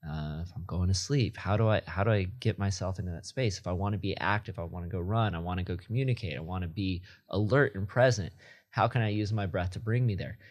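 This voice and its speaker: A man appears as a podcast guest, a yoga teacher speaking reflectively and matter-of-factly in casual conversation, often restarting his sentences. His voice is low and he talks fast.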